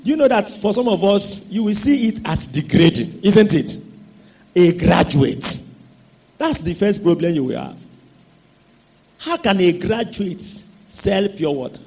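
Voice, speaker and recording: A male preacher, his high, husky voice leaping up and down in pitch. He speaks slowly and leaves gaps for the congregation to finish his sentences. His phrasing stretches out and then swings between loud and soft. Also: sing-song. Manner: call-and-response questions to the congregation. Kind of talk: sermon.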